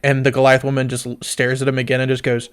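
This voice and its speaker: A man's voice: mid-range voice, completely flat delivery, fast, smooth. A man narrating a tabletop game as game master, playful and laughing often.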